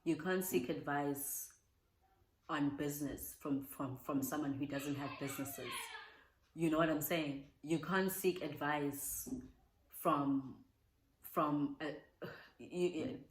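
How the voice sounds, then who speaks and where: A young South African woman answers viewer questions in a heartfelt, casual chat, mixing in Zulu words. Her voice is deep and steady, and she speaks slowly. The room echoes and the recording is rough.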